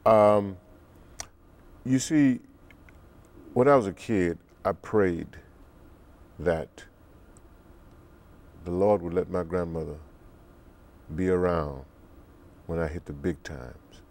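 An older man, a musician guest in an interview, telling stories in an unhurried way and acting out the quotes. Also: darkish tone. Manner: deep, unhurried storyteller who acts out quotes. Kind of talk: relaxed storytelling interview.

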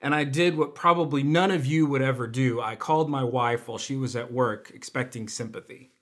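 Talking a little quickly with fairly even intonation, a young adult man uses a mid-range, slightly bright voice to share his personal testimony online for his church. As a volunteer speaker, he laughs while telling humorous stories that make fun of himself.

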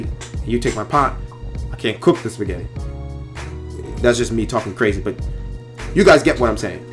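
A filmmaker chatting casually on a livestream, rambling and joking and reading viewer comments aloud, with many pauses and fillers. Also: male voice, mid-range voice. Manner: rambling, joking, teasing, lots of ums.

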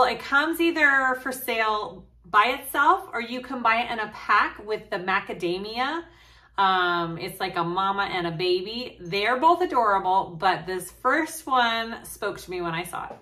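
A woman's voice: mid-range voice, sharp tone. A woman hosting a casual sewing tutorial vlog, gushing and bubbly, laughing often and using fillers, recorded at home. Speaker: host. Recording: voice a little distant from the mic.

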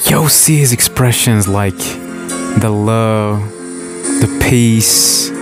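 A man's voice: fairly low pitch, drawn-out words. A man hosting a reaction video, talking casually and earnestly, with lots of wows and exclamations. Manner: exclaiming, earnest, repeats wow and yo. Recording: music playing loudly behind. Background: concert music from video being watched.

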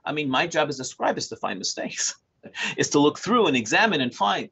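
Animated older male storyteller, husky voice. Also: a little high, normal speed. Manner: animated storyteller who acts out dialogue; chuckles often while talking. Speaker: Torah scribe. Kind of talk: storytelling talk to a small group. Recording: dull lo-fi recording.

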